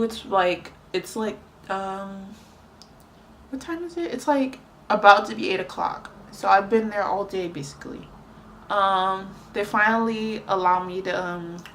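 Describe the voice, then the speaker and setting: A woman's voice: mid-range voice, steady tone, takes it slowly, a bit bright, slight background noise. A young woman telling a rambling story in casual chat while doing her makeup, with lots of fillers. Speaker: beauty vlogger.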